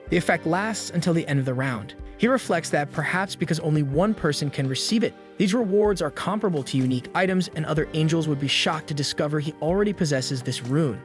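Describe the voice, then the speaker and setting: Brief: male narrator, plain scripted storytelling, slightly high voice, soft music underneath. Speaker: recap narrator.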